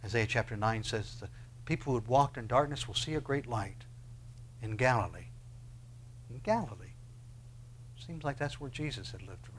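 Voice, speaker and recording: A pastor preaching a sermon, asking his listeners question after question and swinging between hushed, slow passages and loud, rising ones. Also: mid-range voice, lively intonation, a little hiss or hum.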